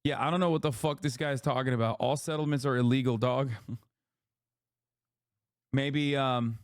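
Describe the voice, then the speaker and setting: A man's voice: medium pitch, fairly even intonation, moderate pace, clear, resonant tone, no echo, studio quality. A man hosting a live stream, reacting to news in a casual, profane, wry way. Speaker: streamer host.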